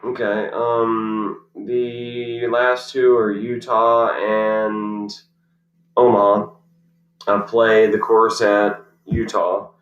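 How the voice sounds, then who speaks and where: Rambling golfer telling stories, roomy sound. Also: male voice, on the low side, little pitch movement, extremely slow, highs cut off, faint music behind. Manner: rambling anecdotes with many fillers and restarts. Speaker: professional golfer guest. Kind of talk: casual podcast storytelling. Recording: roomy echo.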